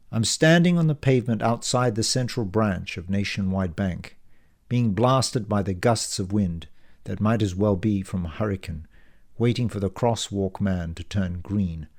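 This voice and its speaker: Man reading his novel in a low voice. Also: a little mellow. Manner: measured, descriptive storytelling. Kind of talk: first-person audiobook narration.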